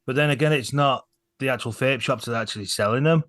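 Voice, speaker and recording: A man in a casual chat, calmly and steadily pushing back on a point. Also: mid-range voice, quick pace, no echo, studio quality.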